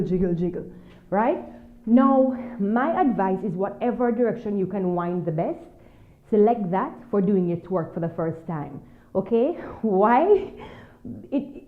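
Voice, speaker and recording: A woman teaching a dance move, coaching and counting beats as she dances, a little out of breath. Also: a little high. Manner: upbeat, coaching, counts beats while dancing; slightly out of breath from dancing. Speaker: dance instructor. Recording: tinny, phone-like sound in an echoey room.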